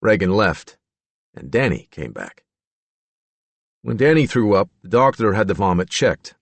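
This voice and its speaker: A man narrating a true-crime audiobook in a measured storytelling manner. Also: lowish voice, sing-song, no room sound. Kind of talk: scripted narration.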